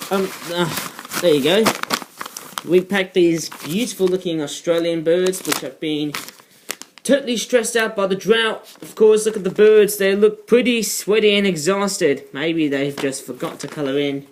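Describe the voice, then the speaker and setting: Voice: medium pitch, a little slow, slight background noise. A toy reviewer in a casual vlog, rambling off topic with many ums and uhs. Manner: rambling, digressive, many fillers.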